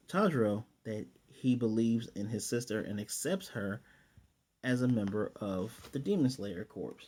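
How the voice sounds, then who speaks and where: Guy with a kinda mellow voice rambling thru an anime episode recap, laid-back slang, swears a bit. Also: fairly low pitch. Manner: loose and rambling, retelling scenes with "he's like".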